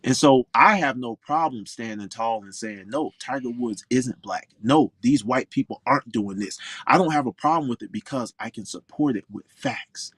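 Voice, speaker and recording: Forties man from Florida, outspoken storyteller, mid pitch, dry studio sound. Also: moderate pace, few pauses, slightly rough, dry recording. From Orlando, Florida. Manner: outspoken, emphatic, animated storyteller. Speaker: pro golfer guest. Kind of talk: interview storytelling.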